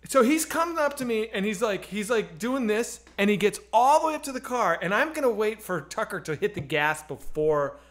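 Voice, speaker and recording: A man on a comedy stream telling a wild story, animated and profane, acting out the voices in it. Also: high voice, moderate pace, hardly any pauses. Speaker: comedy podcast host.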